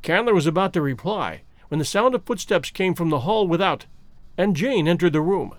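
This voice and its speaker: A man reading an audiobook's narration in an expressive, even way, in a dry close recording. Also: fairly high pitch, moderate pace, no room sound.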